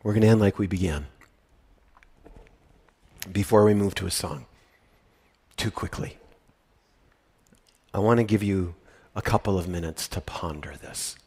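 A man preaching a sermon to his congregation in a church, emotional, swinging from loud excitement to quiet, intimate prayerfulness. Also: low-pitched, measured pace, long pauses, breathy edge. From United States. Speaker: pastor. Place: church sanctuary.

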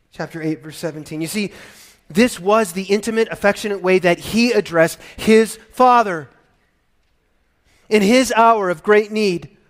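Exuberant preacher in his fifties. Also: high-pitched. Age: 50s. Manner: swings from soft and intimate to loud and exclamatory; laughs often, exuberant. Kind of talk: sermon.

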